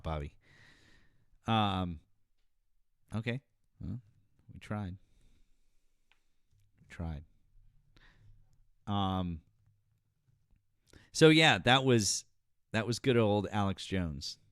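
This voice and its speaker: A man hosts a casual livestream, trading dry jokes with a co-host. His pitch moves a lot, and his voice has a bright, forward tone, recorded close and dry. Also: slow, pauses often, no room sound. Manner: dry, joking, lively.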